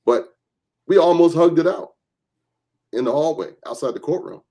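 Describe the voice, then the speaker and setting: A man's voice: a little high, moderate pace, gravelly. A man, a reverend and gun rights advocate, telling stories as a podcast guest and acting out the people he quotes. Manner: animated storyteller who acts out quoted voices. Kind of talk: storytelling in a podcast interview.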